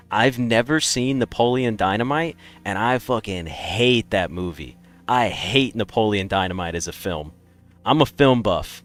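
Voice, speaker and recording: A man streaming a game, chatting casually and rambling through opinionated takes. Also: on the low side. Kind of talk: casual live-stream chat.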